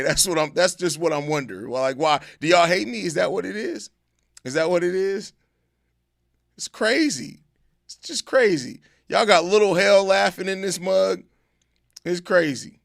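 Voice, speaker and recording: A man's voice: high-pitched, measured pace, creaky, pauses often, dry recording, studio quality. A man hosting a casual live stream, reading viewer chat aloud and answering it, often with mock outrage and swearing. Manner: animated, mock outrage, swearing, repeated questions.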